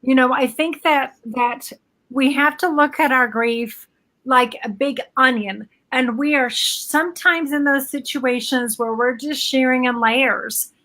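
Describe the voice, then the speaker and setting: A middle-aged woman talking as a guest in a casual live-stream chat, halting and often restarting her sentences. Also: high-pitched, bright, forceful tone.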